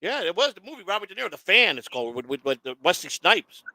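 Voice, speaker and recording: A show host rambles through a loose, profane casual chat, tripping over his own restarts. His voice sits a bit high, swings widely up and down in pitch, and sounds pushed and bright as he talks fast, recorded dry and close.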